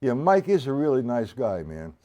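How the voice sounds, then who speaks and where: A man's voice: mid-range voice, big pitch swings, moderate pace, warm tone. Male drum teacher, live stream, counts beats and names stickings step by step, drums playing in the background. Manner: counts and calls sticking aloud, explaining step by step. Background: drum kit playing.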